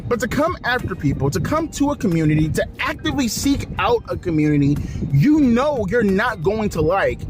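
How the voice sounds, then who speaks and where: A man's voice: sits high, sing-song, moderate pace. A man hosting a video, ranting with exasperation and profanity and repeating himself. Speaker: wrestling commentary video host. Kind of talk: angry rant vlog.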